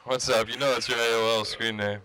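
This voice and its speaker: A man's voice: mid-range voice, flat delivery, brisk, sharp tone, slight background noise, low-quality recording. A man co-hosting a podcast, teasing the others with crude jokes. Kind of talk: casual banter.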